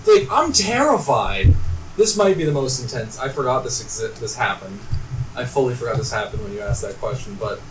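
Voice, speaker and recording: A young man on a casual podcast, telling stories in an animated way, swearing freely and acting out the voices of people in them. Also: mid-range voice, fairly quick, distant mic. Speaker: podcast co-host. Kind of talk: casual storytelling chat. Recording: echoey room, off-mic, noisy.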